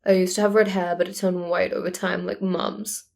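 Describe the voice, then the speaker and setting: A woman's voice: on the low side, level tone, normal speed, darkish tone. A woman voicing a taunting scarred villain. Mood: mocking. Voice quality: gravelly. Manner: mocking, nonchalant. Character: gravelly scarred young male fire villain, taunting.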